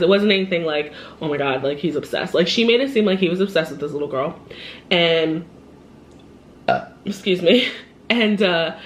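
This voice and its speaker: A woman's voice: fairly low pitch, a little hiss or hum. Upset woman telling a story. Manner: animated, upset, laughs often, quotes people. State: shaky. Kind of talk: casual storytime while eating.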